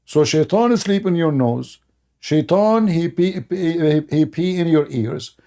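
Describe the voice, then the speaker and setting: Laughing at his own remarks, this man mocks religion in a sarcastic commentary, his English broken and non-native. He talks a little slowly in a voice on the high side with a warm tone.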